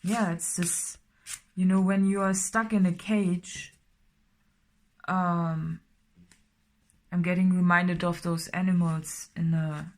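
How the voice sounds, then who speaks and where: A woman with a somewhat low voice gives a casual tarot reading. She rambles, fills pauses with "you know" and "uh", and now and then drops to a soft whisper. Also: flat delivery. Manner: rambling, many fillers, slips into soft whispers. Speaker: tarot reader.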